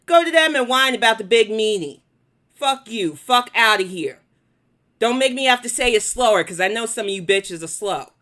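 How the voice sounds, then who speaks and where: A woman's voice: fairly high pitch, lively intonation, moderate pace, fairly bright tone. A woman with a New York accent hosting a live commentary stream, blunt, profane and confrontational as she answers her chat. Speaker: commentary livestream host.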